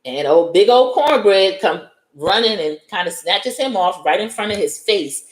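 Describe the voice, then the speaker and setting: A woman's voice: medium pitch, lively intonation, normal speed. A woman with a New York accent retelling a movie scene by scene in casual chat, acting out the characters' lines as she goes. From United States. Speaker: host. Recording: echoey room.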